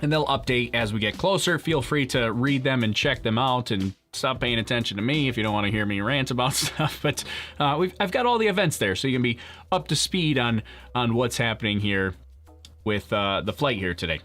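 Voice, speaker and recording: A man's voice: mid-range voice, fairly quick, fairly bright tone, soft background music. A man hosting a live stream, chatting casually with viewers, joking and laughing often. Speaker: livestream host.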